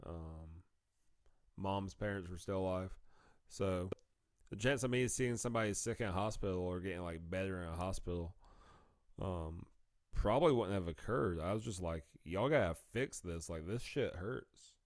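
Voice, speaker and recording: A man's voice: deep voice, moderate pace, no room sound, clean studio sound. A man, co-hosting a podcast and telling a story in casual chat, laughing as he talks and acting out the people he quotes. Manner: laughs through his stories, acts out quoted people. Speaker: podcast co-host.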